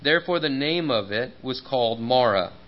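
A man's voice: mid-range voice, expressive, normal speed, muffled recording. Earnest man preaching a sermon. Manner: earnest and personal, with many fillers and repeated words.

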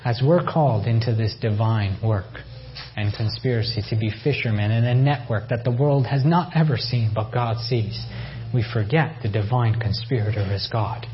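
A man's voice: on the low side, moderate pace, muffled recording. A man from Iran giving a personal faith testimony, telling his story with emotion and repeated phrases. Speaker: testimony speaker.

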